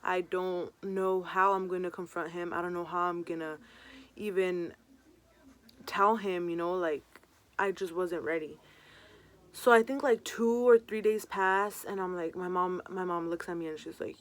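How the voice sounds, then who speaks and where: A young woman vlogger tells a personal story in a casual storytime, chatty and full of fillers like "um" and "like." Her voice sits fairly low, with fairly even intonation and a measured pace.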